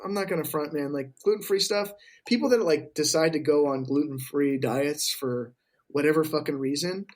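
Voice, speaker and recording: A man telling stories in casual podcast chat, profane and animated, acting out what others said. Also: on the high side, moderate pace. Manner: profane, animated storyteller, acts out quotes. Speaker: podcast guest.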